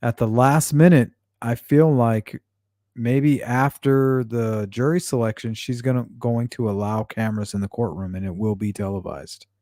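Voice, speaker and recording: A man's voice: medium pitch, fairly even intonation, moderate pace, warm tone, no room sound, studio quality. A man hosting a true-crime livestream, chatting casually and reading out viewer comments, blunt and often profane. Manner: blunt and profane, with frequent fillers.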